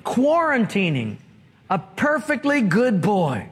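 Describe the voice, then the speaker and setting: Male preacher, sermon, high-pitched voice, slow deliberate delivery, rhetorical questions, call-and-response. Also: huge pitch swings, background noise. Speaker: pastor. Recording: long reverb of a large hall.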